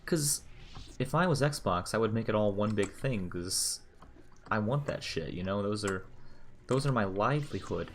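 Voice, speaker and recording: Low-voiced rambling young male streamer. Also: lively intonation, moderate pace, slight background noise. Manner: rambling, joking, swears freely. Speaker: game streamer. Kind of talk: casual gameplay commentary.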